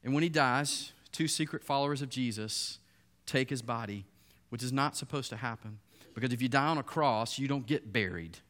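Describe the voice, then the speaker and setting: A man preaching a sermon, retelling the story in a lively, storytelling way and acting out the voices of the people in it. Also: medium pitch, moderate pace. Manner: storytelling, animated, acts out quoted voices. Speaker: pastor.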